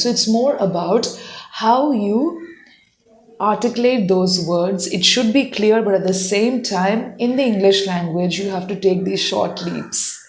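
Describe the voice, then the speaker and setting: A woman teaching English pronunciation at a moderate, mid-range pitch. She explains patiently and says sample sentences slowly so learners can repeat after her. The room gives her voice a noticeable echo. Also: a little hiss or hum. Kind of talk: spoken English lesson.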